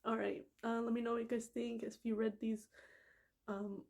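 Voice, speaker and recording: Woman vlogging, says like a lot, gushy and chatty, a bit of vocal fry. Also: fairly high pitch, level tone, fairly quick, darkish tone. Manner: gushing, filler-heavy, uses "like" and "freaking". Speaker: vlogger reading a memoir aloud. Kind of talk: casual emotional vlog.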